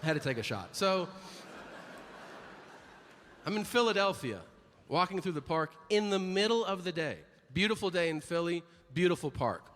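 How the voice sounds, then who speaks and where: A man doing a stand-up comedy routine on stage, animated, breaking into high-pitched voices for the people he quotes. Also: moderate pace, pauses often. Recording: live in a reverberant hall with audience noise. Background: audience laughter.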